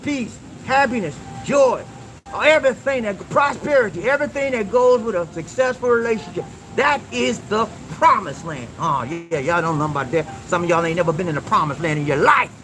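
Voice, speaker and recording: A man's voice: high voice, animated, fairly quick, noisy background. A man hosting a relationship advice talk, preaching emphatically to his viewers with call-and-response questions and repeated lines.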